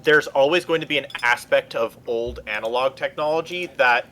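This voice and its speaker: Man on voice chat, crisp bright tone, mid pitch, halting delivery. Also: slight background noise. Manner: halting, restarts often while building an argument. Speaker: voice chat guest. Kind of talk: casual chat.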